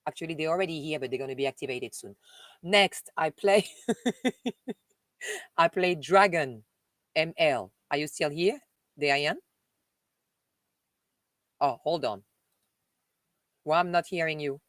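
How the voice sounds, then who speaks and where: A woman's voice: deep voice, unhurried, long pauses, dry recording. A woman with a French accent, hosting a casual live stream and chatting affectionately with her viewers. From Paris. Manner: chatty and affectionate, often laughing and calling listeners "dear".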